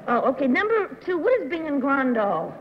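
Woman, brisk polite panelist, high voice, dull old TV sound. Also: sing-song, a little hiss or hum. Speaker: game show panelist. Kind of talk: brisk game show questioning. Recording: dull 1960s TV recording in a reverberant studio.

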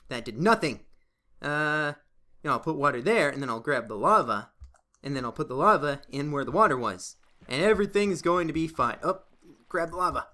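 Young canadian dude doing lets play commentary, kinda high voice, gets super excited a lot. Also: male voice. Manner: excitable, exclaims often. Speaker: let's play gamer. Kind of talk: casual gameplay commentary.

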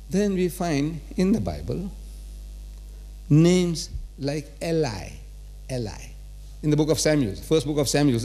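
A man giving a religious lecture to a live audience in a large auditorium, full of rhetorical questions and teasing. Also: a little high. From South Africa. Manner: rhetorical, quizzes and teases the audience.

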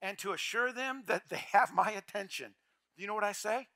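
An older man preaching a sermon as pastor, emphatic, repeating key phrases and swinging from quiet asides to shouts. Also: high voice, brisk, no room sound, studio quality. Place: church.

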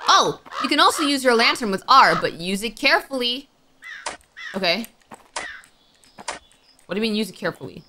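A young woman giving let's-play commentary, jumpy and excitable, quick to panic and squeal at scares. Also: fairly high pitch, noisy background. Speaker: gaming YouTuber.

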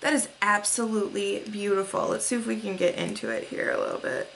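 A woman's voice: mid-range voice, huge pitch swings, fairly quick, gravelly, slight background noise. A young woman vlogger unboxing mail, gushing with gasps and breathless exclamations as she shows each item. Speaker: beauty vlogger.

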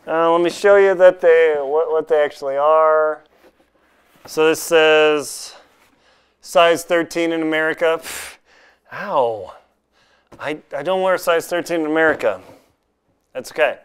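A man's voice: on the high side, lively intonation, measured pace, fairly bright tone, smooth. A man chatting casually in an unboxing vlog from home, joking and laughing at himself as he reviews gear. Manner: chatty, self-mocking, jokes and laughs at himself.

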